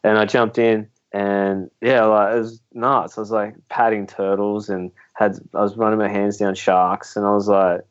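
A man's voice: lowish voice, flat delivery, normal speed, few pauses, highs cut off. A young Australian man telling rambling, laughing stories as a guest on a podcast. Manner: laid-back, rambling, laughs through his stories. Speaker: spearfishing guest. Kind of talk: casual storytelling in a podcast interview.

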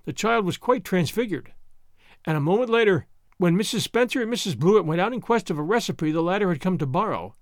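Male audiobook narrator, high and animated, dry close mic. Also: brisk, no echo. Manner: expressive storytelling. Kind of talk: scripted narration.

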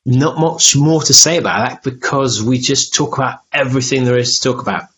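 A man's voice: mid-range voice, a little fast, fairly bright tone, muffled recording. Rambling, self-deprecating man podcast host. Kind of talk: casual chat.

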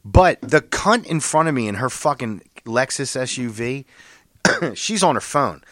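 Guy ranting a cussing traffic story, voice goes up loud doing the other drivers, dry mic. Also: expressive, unhurried, no echo. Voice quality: gets loud and high when quoting other drivers. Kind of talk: profane storytelling chat.

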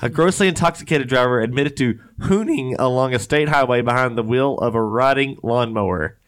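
A man co-hosts a loose, casual chat, reading odd news stories aloud. His voice is mid-pitched, and he breaks off often for joking, rambling asides and laughter. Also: fairly quick. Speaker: podcast co-host.

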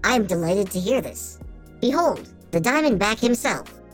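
A woman's voice: mid-range voice, lively intonation, a little slow, soft background music, natural voice. A woman voicing a polite floating robot tour-guide drone with a formal, stately manner in a tabletop game.

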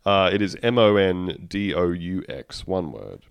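A man's voice: deep voice, animated, unhurried, creaky, clean tone, no room sound. A man co-hosting a casual comedic podcast, reading news aloud wryly and laughing mid-sentence. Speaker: podcast co-host.

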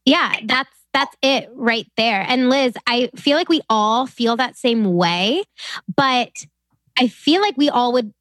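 A young woman co-hosting a podcast, chatty and laughing often, with sudden quick bursts of talk. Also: fairly high pitch, lively intonation, a bit bright, dry recording. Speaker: podcast co-host. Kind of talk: casual chat.

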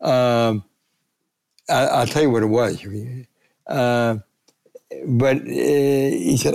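A man's voice: mid-range voice, fairly even intonation, takes it slowly, long pauses, darkish tone. An older man, a retired sports columnist, telling anecdotes as a guest and acting out the voices he quotes. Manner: gravelly, acts out quoted voices.

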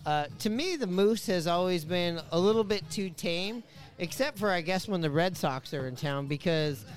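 Excitable, joking man hosting a sports podcast. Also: high voice, normal speed. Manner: excitable, swears freely, jokey. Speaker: podcast host. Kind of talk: casual chat.

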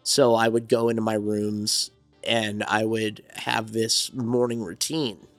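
A man's voice: on the low side, level tone, takes it slowly, faint music behind. A man from New Jersey, a songwriter and studio owner, telling his story in a rambling, reflective way as an interview guest. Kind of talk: casual interview conversation.

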